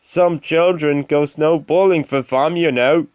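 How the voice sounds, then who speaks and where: A man voicing a cheerful engine driver, brisk and hearty, for a storybook reading. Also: on the high side, fairly even intonation, darkish tone, no echo, close to an everyday voice.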